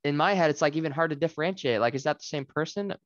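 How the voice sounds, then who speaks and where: A man's voice: a little high, very fast, no room sound, dull audio. A man co-hosting a podcast, talking enthusiastically about books in a rambling way with lots of filler words. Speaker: podcast co-host. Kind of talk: casual book discussion.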